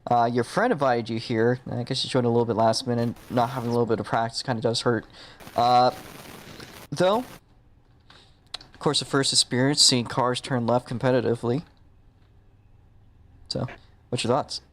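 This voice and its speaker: Male stream host, offhand jokey interviewer, mid-pitched. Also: steady tone, normal speed, pauses often. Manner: joking, offhand, loose questions. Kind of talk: casual live-stream interview.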